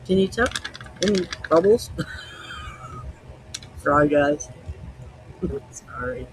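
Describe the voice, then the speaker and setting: A man's voice: on the high side, lively intonation, extremely slow, noisy background. A man hosting a podcast, chatting casually in a loose, rambling way while he tastes liquor. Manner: rambling, loose, easygoing storytelling. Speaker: podcast host.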